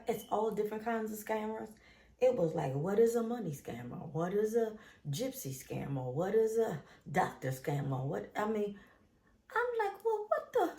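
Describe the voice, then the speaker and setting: A woman host, reading Bible verses in a casual faith talk, animated and emphatic, repeating phrases. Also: mid-range voice, vocal fry, echoey room. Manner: animated, emphatic, drawn-out repetitions. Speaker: show host.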